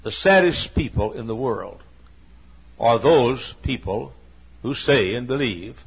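Husky sixty-something preacher in a church, folksy and earnest, keeps coughing and restarting, muffled lo-fi tape. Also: male voice, medium pitch, expressive, slow pace. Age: 60s. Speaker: pastor. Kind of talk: sermon with personal stories. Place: church sanctuary. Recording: dull lo-fi sermon recording.

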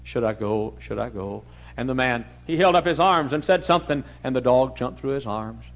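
A man preaching a storytelling sermon in a church, talking animatedly and getting suddenly loud when he acts out shouted commands. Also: medium pitch, animated, normal speed, dull audio. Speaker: pastor.

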